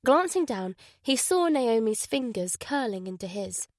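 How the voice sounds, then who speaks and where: A woman reading a thriller audiobook in an even, measured narration. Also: a little high, no echo, studio quality. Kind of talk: scripted narration.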